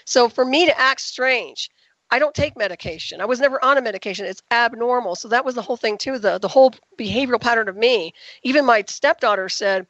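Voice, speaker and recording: A woman guest telling her story in an interview, talking rapidly and emphatically. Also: on the high side, fairly bright tone, no room sound, lo-fi sound. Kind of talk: radio interview call.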